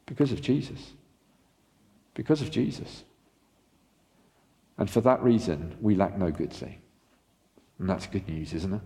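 A man preaching a sermon as pastor, animated and asking the congregation rhetorical questions. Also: fairly low pitch, in a large hall.

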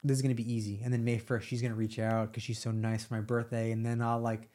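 A man's voice: medium pitch, monotone, fast talker, a little mellow. A man from New York, a podcast guest, retelling a story in casual chat.

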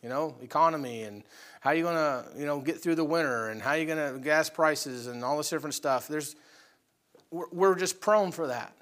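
A pastor delivers a conversational sermon to his congregation, swinging between loud, animated outbursts and quiet asides. His voice is on the high side, at a normal speed.

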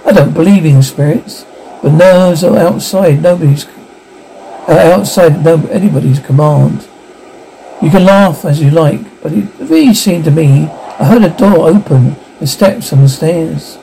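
A gruff, blunt skeptic, read by a man who grows uneasy. The voice is gravelly and mellow. It is a storybook read aloud. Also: on the high side, measured pace, a little hiss or hum, poor audio. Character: rough, uneasy male skeptic.

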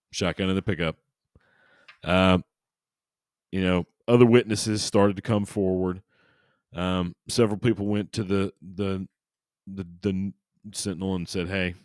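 A man's voice: low-pitched, a little mellow, no room sound, clean studio sound. A man hosting a paranormal podcast, retelling a story with goofy, irreverent asides. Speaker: podcast host.

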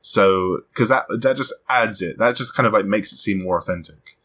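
A man hosting a casual chat, animated and quick to laugh. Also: fairly low pitch. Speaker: podcast host.

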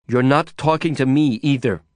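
A man's voice: mid-range voice, very animated, moderate pace, no room sound, natural voice. A man voicing a guarded, tired young woman in an audiobook who speaks firmly and in clipped phrases. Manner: firm, clipped, snapping. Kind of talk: audiobook character voice.

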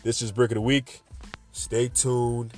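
A man's voice: mid-range voice, level tone, unhurried, darkish tone, faint music behind. A man in his twenties hosting a podcast, rambling through a late-night rant in a jokey, sarcastic way. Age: 20s. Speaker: podcast host.

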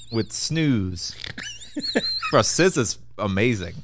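A man's voice: lowish voice, noisy background. A man hosting a casual podcast, teasing his co-host and drawing out award category names. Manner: animated, teasing, slows down to announce categories. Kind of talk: casual chat.

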